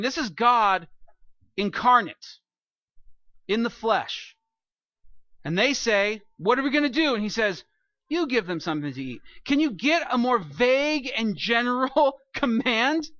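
A man preaching a sermon as pastor, animated, asking rhetorical questions and acting out quoted voices. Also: very high-pitched, dry recording, muffled recording.

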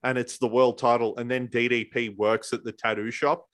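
A man's voice: mid-range voice, little pitch movement, normal speed. A man co-hosting a casual podcast, recounting events and acting out quotes in different voices. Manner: storytelling, acts out quotes in voices. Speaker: podcast co-host. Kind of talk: casual chat reviewing wrestling.

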